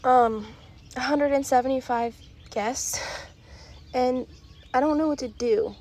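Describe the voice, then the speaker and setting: A woman in her thirties, tearful, speaking in an emotional, halting, rambling way in a personal vlog. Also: high-pitched, a little mellow. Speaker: vlogger. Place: rural home, barn nearby.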